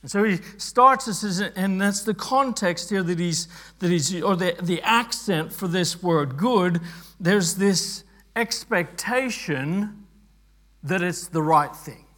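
Earnest higher-voiced male pastor. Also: slow pace. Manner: earnest, repeats words while thinking aloud; soft prayer voice, then builds to emphatic teaching. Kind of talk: sermon.

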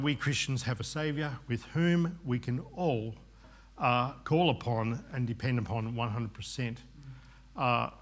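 A man's voice: medium pitch, fairly bright tone. Male pastor, fifties, earnest sermon delivery with rambling asides, mid-range voice.

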